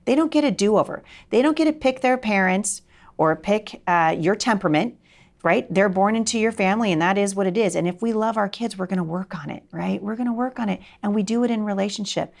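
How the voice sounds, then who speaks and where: A middle-aged woman telling a personal story in an interview, animated and expressive, acting out voices and sinking to a soft near-whisper at tender moments. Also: mid-range voice, creaky. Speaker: homeschooling speaker.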